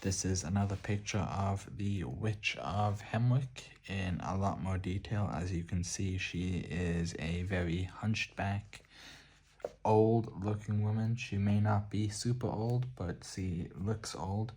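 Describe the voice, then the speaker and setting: An Irish man hosting a soft-spoken art book showcase, relaxed and hesitant, pausing often with fillers. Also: low voice, slightly rough. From Ireland. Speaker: art book channel host.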